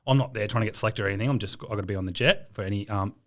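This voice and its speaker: An Australian man in casual podcast chat, an animated storyteller who laughs and swears. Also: lowish voice, very fast. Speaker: podcast co-host.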